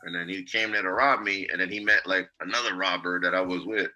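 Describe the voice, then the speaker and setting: Forceful New man, low voice. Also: fast talker, lo-fi sound, soft background music. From New York. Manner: animated, swearing, offhand. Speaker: guest DJ. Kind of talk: casual storytelling chat.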